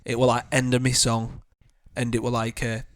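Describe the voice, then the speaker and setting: A man's voice: medium pitch, monotone, moderate pace, no echo, clean studio sound. A young man, chatting casually on a podcast, telling stories and teasing his co-host. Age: young adult. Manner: storytelling, teasing and joking. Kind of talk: casual chat.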